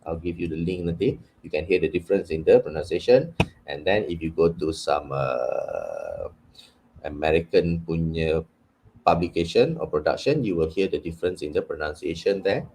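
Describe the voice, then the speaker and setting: Malaysian guy teaching english, deep voice but super animated, says okay a lot, bit of room noise. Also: moderate pace, vocal fry. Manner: mixes Malay into English, keeps checking with "okay?". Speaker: English communication trainer. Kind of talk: workshop lecture.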